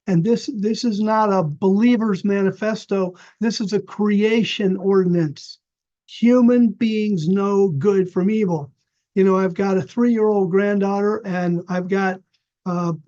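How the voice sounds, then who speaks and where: Older man, Bible lecture, fairly high voice, mellow tone, dull lo-fi sound. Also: steady tone, a little slow. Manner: unscripted explanatory teaching with fillers and restarts. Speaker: Bible teacher. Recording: dull lo-fi recording.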